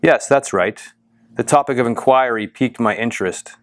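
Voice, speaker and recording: A man's voice: mid-range voice, normal speed, no room sound, clean studio sound, lightly acted. A man reading the lines of a skeptical male computer scientist on a phone call, wary and dismissive.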